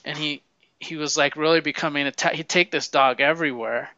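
A man's voice: on the high side, fairly even intonation, brisk, pushed and bright, lo-fi sound. A man in casual chat, rambling through movie plots with lots of swearing and acted-out quotes. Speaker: movie fan recommending films.

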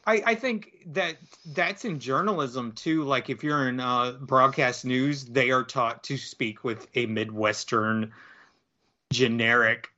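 A man co-hosting a casual podcast, rambling through his points with plenty of "uh" and "like" and frequent restarts. He talks at an ordinary middle pitch. The recording sounds a little dull and lo-fi. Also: slow, bright, forceful tone. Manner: rambling, full of fillers and restarts. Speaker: podcast co-host. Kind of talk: casual chat.

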